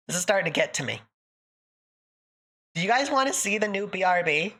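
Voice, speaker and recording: A woman's voice: mid-range voice, animated, moderate pace, pushed and bright. Giggly woman with a Boston accent. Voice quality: slight lisp on S sounds. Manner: giggly, chatty. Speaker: streamer. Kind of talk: casual live-stream chat.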